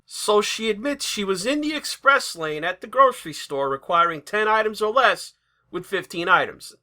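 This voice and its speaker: Commentary host, bright and animated, sarcastic mock outrage. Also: medium pitch, moderate pace. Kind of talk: satirical commentary.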